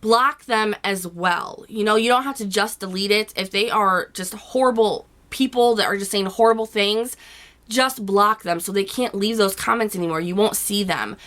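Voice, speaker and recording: A woman talks straight to her viewers in a casual advice vlog. Her voice sits at a middling pitch but sounds rough and hoarse from a lingering cold. She is blunt and chatty, fills her talk with "you know" and swears now and then. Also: moderate pace, a bit bright. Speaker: YouTube vlogger. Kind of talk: casual advice chat to camera.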